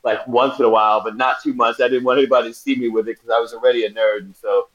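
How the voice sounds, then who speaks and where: A man's voice: medium pitch, very fast, dull audio. Laughing male storyteller from Brooklyn. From Brooklyn, New York. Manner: animated storyteller, laughs often, acts out quotes. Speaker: guest actor. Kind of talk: casual anecdotal interview chat.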